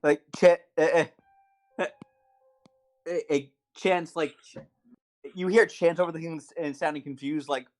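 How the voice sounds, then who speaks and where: A man's voice: a little high, fairly even intonation, measured pace, pauses often, darkish tone, soft background music. A man player in a tabletop game, stammering and searching for words.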